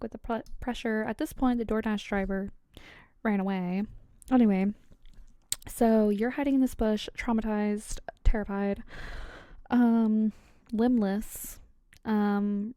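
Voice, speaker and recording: A woman's voice: a little high, dark tone, no room sound. A woman telling a scary story in a whispered role-play, rambling and giggly with lots of fillers, close to the mic.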